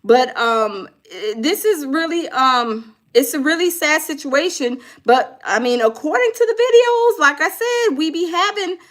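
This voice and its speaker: A woman with a bright, high-pitched voice, talking casually about crime news. Her delivery is preachy and conversational, with mocking quotes of others slipped in. She speaks like a host addressing her viewers. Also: animated, a little slow. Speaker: commentary host.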